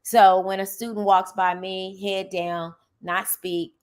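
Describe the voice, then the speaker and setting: A woman's voice: medium pitch, little pitch movement, measured pace, few pauses. A middle-aged woman who teaches, hosting a podcast in a casual monologue. She speaks earnestly and with emphasis, checking in with the listener with a frequent "okay?".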